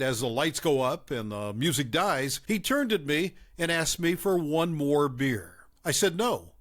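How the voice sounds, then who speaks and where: A man reads stories aloud with an expressive, storytelling manner. His voice sits a little higher than most men's. His pitch rises and falls in a lively, animated way. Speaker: story narrator.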